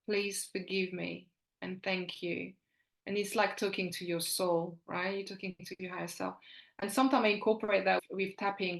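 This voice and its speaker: Speaking with a lowish, slightly bright voice, this woman in her forties is a fertility coach being interviewed on a podcast. Her talk is earnest and encouraging, with frequent restarts, captured in an echoey room.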